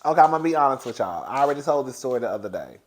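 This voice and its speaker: A young man telling a casual storytime to his viewers, animated and chatty, often calling the listener "girl" and jumping into high excited bursts. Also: very fast, noisy background.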